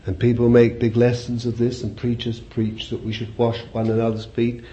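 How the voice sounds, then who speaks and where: A man preaches a sermon conversationally, repeating phrases and asking his listeners questions. His mid-range voice is warm and monotone at a normal speed. The lo-fi recording is dull, with faint hiss.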